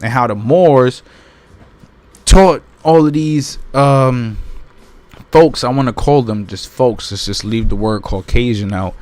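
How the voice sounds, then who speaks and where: A man's voice: medium pitch, takes it slowly, a little mellow. Emphatic man reading aloud and commenting. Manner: emphatic, repeats points, keeps asking "right?". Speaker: channel host.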